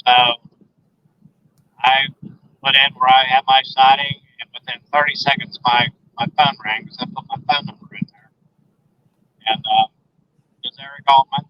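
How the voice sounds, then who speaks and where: A man, a guest on a phone interview, recounting an encounter in a halting, emphatic way with repeated words. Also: mid-range voice, little pitch movement, smooth, dry recording. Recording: dull lo-fi phone line.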